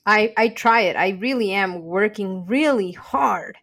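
A woman's voice: mid-range voice, a little slow, fairly bright tone. A woman talking casually and reflectively as a podcast co-host. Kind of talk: casual conversation.

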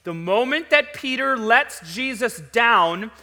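High bright-voiced preacher in a reverberant hall. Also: male voice, animated, takes it slowly. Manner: conversational, storytelling, emphatic. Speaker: pastor. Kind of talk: sermon. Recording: long reverb of a large hall.

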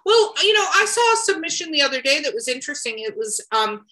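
A woman hosting a casual podcast chat, animated and acting out quotes, with a cough now and then. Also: sits high, fast talker, low-quality recording. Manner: animated, acts out quotes with shifting voices. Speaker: podcast host and editor.

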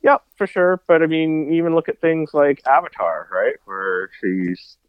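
A man's voice: unhurried, dry recording, phone-quality sound. A man co-hosting a podcast in casual chat, talking with enthusiasm and his voice leaping up when he agrees. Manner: enthusiastic, with pitch jumping up on agreement. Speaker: podcast co-host.

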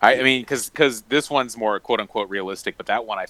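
A man's voice: lowish voice, fairly quick, a bit bright, poor audio. A man co-hosting a podcast, chatting casually about movies in a laid-back, easygoing way.

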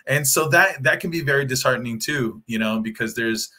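A man from Hawaii with a Pidgin accent, a panel guest telling animated stories and acting out what people said. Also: mid-range voice, brisk. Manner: animated storytelling with acted-out quotes. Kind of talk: casual panel discussion.

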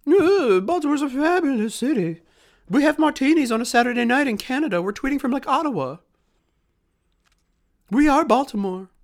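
Man putting on a high, breathy tipsy old lady, gushing and sing-song. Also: expressive, moderate pace, long pauses. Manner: gushing, mocking falsetto. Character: tipsy older women gushing over martinis.

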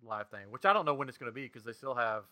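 A man's voice: mid-range voice, lively intonation, fast talker, bright, forceful tone. A man hosting a podcast, chatting casually about theme parks and laughing often. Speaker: podcast host. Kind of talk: casual chat.

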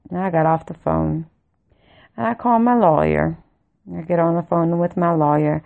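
A woman's voice: lowish voice, steady tone, moderate pace, vocal fry, warm tone. A woman ranting in fury, cursing heavily and hammering each point home. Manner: furious, heavily profane, emphatic. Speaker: vlogger. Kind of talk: angry ranting monologue.

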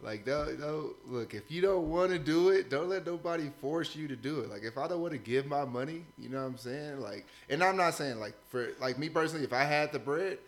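A man's voice: on the high side, expressive, a little fast, hardly any pauses. A man co-hosting a podcast, ranting heatedly in slangy, profane casual talk. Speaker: podcast co-host. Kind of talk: casual chat.

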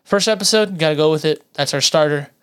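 A man's voice: a little high, fast, fairly bright tone, clean tone, no room sound, studio quality. A man co-hosting a casual sports podcast, rambling with fillers and restarts. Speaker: podcast co-host. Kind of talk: casual chat.

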